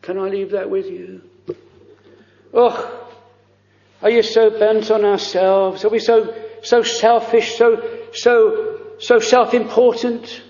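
A man preaching a fervent, pleading sermon, full of drawn-out exclamations and quoted prayers. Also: high voice, steady tone, gravelly, darkish tone. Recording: lo-fi recording in a reverberant church.

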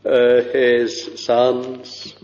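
A man preaches in a very slow, halting way, stopping often and filling gaps with soft fillers. His voice is mellow and dark. The recording is dull and lo-fi, with a long reverb from a church hall. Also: medium pitch, completely flat delivery, a little hiss or hum. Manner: slow, halting delivery with many pauses and fillers. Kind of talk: sermon.

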